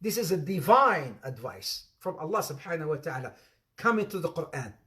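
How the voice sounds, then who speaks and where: High-voiced man teaching a lively religious lesson. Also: brisk. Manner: repeats phrases for emphasis, calls on students by name; laughs often, playful asides. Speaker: Islamic teacher.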